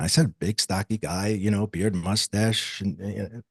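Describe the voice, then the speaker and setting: A man's voice: fairly low pitch, steady tone, measured pace, vocal fry, hardly any pauses, a bit bright, slightly rough, dry recording, studio quality. A man, as an interview guest, telling a personal story in an earnest, confessional way and acting out the dialogue.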